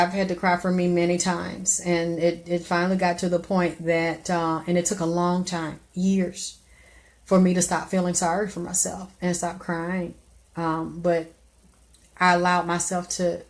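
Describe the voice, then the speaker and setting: A middle-aged woman hosting a live stream, giving blunt, profane advice in a preachy way, breaking now and then into loud exclamations. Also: fairly low pitch.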